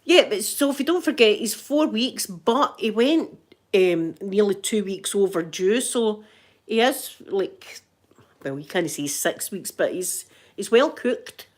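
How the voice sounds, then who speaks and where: A middle-aged woman with a Scottish accent talks in an easygoing ASMR vlog. She tells her stories with animation and laughs often, and her voice sits at an ordinary pitch for a woman. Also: lively intonation, measured pace. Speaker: vlogger and grandmother.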